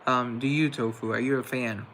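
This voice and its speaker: A man's voice: medium pitch, fairly even intonation, brisk, a bit bright, slight background noise, poor audio. A young man hosting a live stream, casually chatting with viewers and answering their comments in a playful, campy way. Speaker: livestream host.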